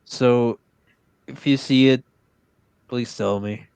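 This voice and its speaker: Male tabletop player, in character, formal and stilted, smooth clear voice, dry sound. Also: medium pitch, fairly even intonation, slow, a little mellow, no room sound. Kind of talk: in-character tabletop role-play.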